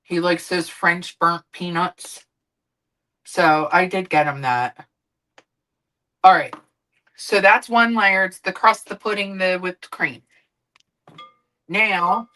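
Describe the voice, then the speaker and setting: A woman's voice: lowish voice, takes it slowly, long pauses, sharp tone, low-quality recording. A woman streamer chatting casually while she cooks, rambling and swearing now and then. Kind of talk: casual chat while cooking.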